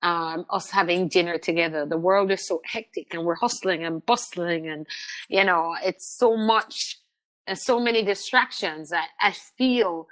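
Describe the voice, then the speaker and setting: Expressive Jamaican woman, candid and emphatic. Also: on the low side, unhurried. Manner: expressive, emphatic storytelling with repeated words. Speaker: podcast guest. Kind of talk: candid conversational interview.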